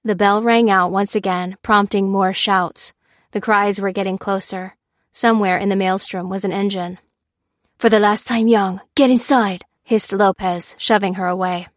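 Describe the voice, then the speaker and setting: A woman's voice: mid-range voice, dry recording. Woman narrating an audiobook, dry. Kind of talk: scripted narration.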